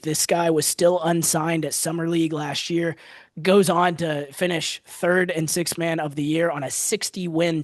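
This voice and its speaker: Young male podcast host, fairly high voice, dry close sound, animated sports talk. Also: no room sound. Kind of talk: casual sports podcast chat.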